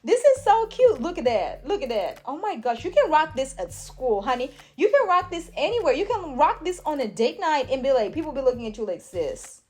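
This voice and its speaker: High-voiced, hyper woman vlogger. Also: very animated, brisk, few pauses. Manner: hyper, gushing, calls viewers honey and sis. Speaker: hair tutorial vlogger. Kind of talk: casual tutorial chat.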